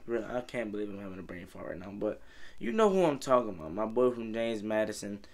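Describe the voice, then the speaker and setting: Rambling, exasperated young sports fan. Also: male voice, on the low side, lively intonation, quick pace, darkish tone. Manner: rambling, exasperated, repeats "bro" and "man". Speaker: sports vlogger. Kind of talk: casual fan commentary.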